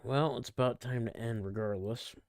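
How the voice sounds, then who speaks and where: A man's voice: medium pitch, normal speed, vocal fry, dry recording, studio quality. A man winding down a casual livestream from his bedroom at home, rambling and interrupted by hiccups and burps. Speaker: streamer.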